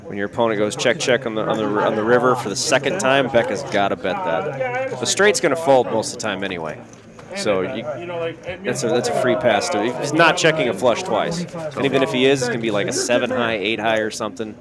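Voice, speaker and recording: A man's voice: lowish voice, expressive, brisk. A man commentating on a live poker stream, explaining strategy in an analytical way. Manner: explanatory, analytical, with frequent restarts. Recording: loud crowd noise in background.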